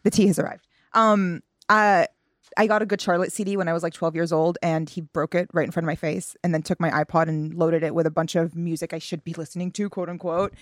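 A young adult woman chatting as a podcast guest, lively, with many fillers and easy laughter. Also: lowish voice, dry recording, studio quality. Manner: animated, quick to laugh, frequent fillers. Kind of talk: casual chat.

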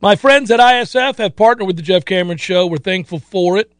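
High-voiced chatty male radio host. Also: fairly quick, clean tone, no echo. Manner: chatty, rambling, with playful mock voices. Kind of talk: casual sports radio talk.

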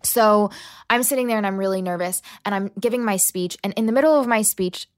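A woman, a podcast guest, telling a personal story in an interview, animated and full of "like" fillers. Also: mid-range voice, brisk.

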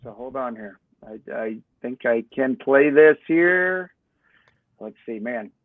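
Co-host on a tinny dry line. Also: male voice, medium pitch, expressive, takes it slowly, dry recording. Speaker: podcast co-host. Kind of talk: casual chat.

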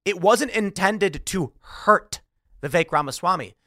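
Bright-voiced male commentator. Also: sits high, measured pace, dry recording, clean studio sound. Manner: animated, laughs while reading jokes aloud. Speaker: host. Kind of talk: political commentary.

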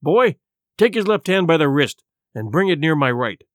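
Blind old beggar villain, cruel and soft-spoken in sing-song, read by a man, higher pitched, very animated. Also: normal speed, no echo, clean studio sound. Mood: cold menacing.

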